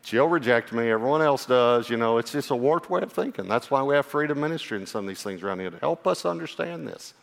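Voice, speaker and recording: A man preaching a sermon as a pastor, earnest and personal, sometimes dropping to a hushed voice for emphasis. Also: mid-range voice, expressive, fast talker, vocal fry, hardly any pauses. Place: church. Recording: long hall reverb.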